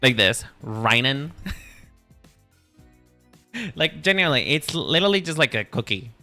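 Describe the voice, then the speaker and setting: A man chatting live with his stream viewers in a casual, animated way, swearing freely, laughing often and talking straight to chat. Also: on the high side, moderate pace, faint music behind.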